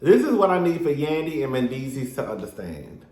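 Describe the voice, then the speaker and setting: A man's voice: mid-range voice, a little fast. Sassy chatty man, echoey room. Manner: sassy, animated, chatty with asides to viewers. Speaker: reality TV reviewer. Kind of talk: casual recap commentary.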